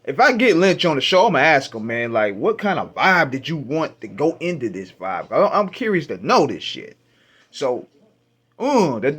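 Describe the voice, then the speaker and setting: This is a male radio host, recounting a memory in loose, casual storytelling. His voice sits a bit high and moves with lively, animated swings in pitch. He talks in a profane, expressive way, often laughing at his own reactions. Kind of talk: casual storytelling album review.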